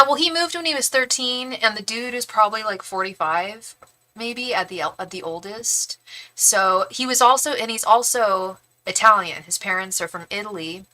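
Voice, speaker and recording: A woman's voice: mid-range voice, sharp tone. A young woman hosting a live-stream, chatting casually and rambling with many restarts. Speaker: tarot reader livestream host.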